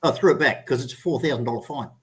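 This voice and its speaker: A man's voice: mid-range voice, rapid-fire, fairly bright tone. Chatty Australian man in his sixties. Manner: rambling, enthusiastic, swears freely. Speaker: guest. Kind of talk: casual chat.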